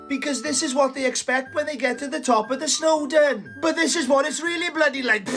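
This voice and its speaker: A man's voice: very high voice, a bit bright. A Welsh man with a Welsh accent doing an exasperated, sweary comic rant to camera. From Wales. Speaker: comedy video creator.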